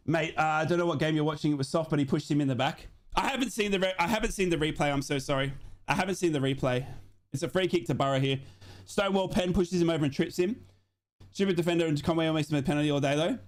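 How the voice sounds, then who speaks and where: A man hosts a live football watch-along stream. His voice sits a little high. He calls the play for his chat and reads out the scores in a steady voice. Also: quick pace. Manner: excitable, shouting at big moments; steady score round-up reading. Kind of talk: live match commentary to chat.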